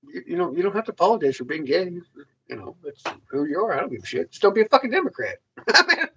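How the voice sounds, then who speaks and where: A man's voice: high voice, big pitch swings, fast talker, gravelly, fairly bright tone, slightly rough, lo-fi sound. A man hosting a casual livestream, rambling and joking crudely while answering viewers. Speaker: livestream host.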